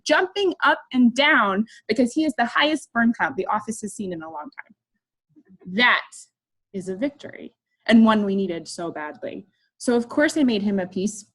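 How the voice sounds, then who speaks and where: A middle-aged woman artist giving a humorous talk, telling a personal story to an audience in a lively, self-deprecating way and acting out the people in it. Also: on the high side, fairly quick, slightly rough.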